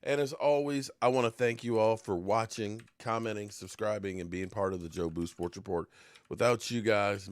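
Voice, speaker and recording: A man hosts a casual sports talk show, joking and ranting while snacking on pie. He talks at a moderate pace, sinking into low mutters and then jumping into excited outbursts, in a close, dry recording.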